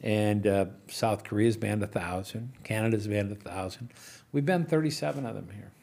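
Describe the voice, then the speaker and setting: A male interview guest, a business investor, tells animated stories casually, chuckling and restarting sentences along the way. His voice is fairly low, creaky, and at a normal speed.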